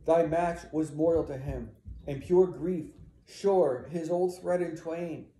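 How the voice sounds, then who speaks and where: A man's voice: a little high, steady tone, takes it slowly, mellow, a little hiss or hum, pitched above the performer's own voice. A man doing a mournful older uncle. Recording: roomy echo.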